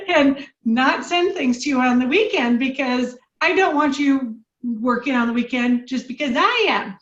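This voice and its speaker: A woman's voice: high voice, lively intonation, a little slow. A woman joining a casual interview, chatty and teasing. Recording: roomy, dull lo-fi sound.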